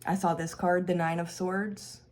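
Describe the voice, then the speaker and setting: A woman's voice: lowish voice, flat delivery, measured pace, darkish tone. A woman hosting her own tarot channel, chatting casually and laughing as she talks through a card reading.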